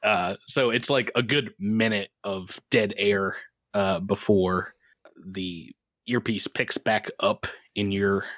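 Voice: sits low, fairly even intonation, takes it slowly, a bit bright, no room sound, studio quality. A game master narrating a tabletop role-playing game in a playful, amused way.

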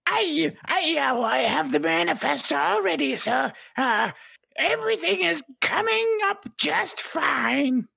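Casting: a woman playing a small sly male trickster posing as a cadet, high and gravelly, stammering, with wild swoops in pitch. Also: expressive, sharp tone, heavily acted. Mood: flustered. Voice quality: scratchy, raspy. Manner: flustered, fast-talking, stammering excuses. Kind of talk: tabletop role-play voice.

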